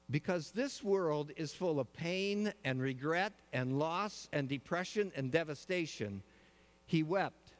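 Pastor preaching in a reverberant hall. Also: male voice, on the high side, expressive. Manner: measured storytelling with slow, weighty pauses. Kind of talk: sermon.

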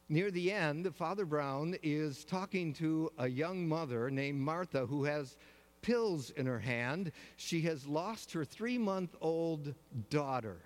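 A man preaching a sermon in a slightly high voice. He tells the story in measured phrases and lets weighty pauses hang. His words trail into a long reverb that rolls through the large hall. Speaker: pastor.

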